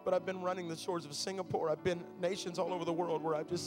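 A man preaching in a high, urgent voice, moving from intimate confession to loud, fervent declaration. Worship band music plays steadily under him. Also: steady tone, fast, few pauses. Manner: impassioned preaching that builds to loud fervor. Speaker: pastor. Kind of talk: sermon.

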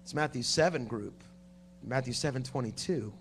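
A man preaching a sermon at a conference, dropping to a hush and then rising to shouting. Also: a little high, fast, a little hiss or hum. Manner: swings from hushed to shouting preaching. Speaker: pastor. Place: conference hall.

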